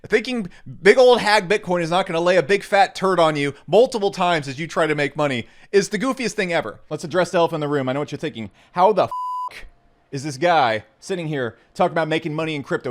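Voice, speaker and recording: A young man ranting to camera in a brash, mocking way, jumping between loud outbursts and low mutters. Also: lively intonation, fast talker. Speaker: crypto YouTuber. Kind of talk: sarcastic rant to camera.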